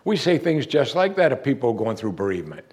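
A man's voice: mid-range voice, very animated, brisk, darkish tone. A man preaching a sermon, telling a story and acting out the quoted lines with big swings in his voice.

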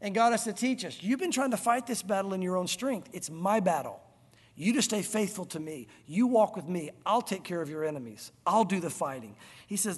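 Animated male preacher, high voice, long hall reverb, acts out voices. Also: a little fast, breathy edge. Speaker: pastor. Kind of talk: expository sermon.

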